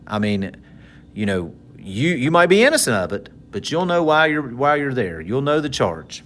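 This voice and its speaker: A man's voice: mid-range voice, sing-song, moderate pace, a bit bright. A man teaching a recorded civics lesson in a conversational, joking way, repeating key terms so students can take notes. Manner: conversational, jokey, repeats points for note-taking.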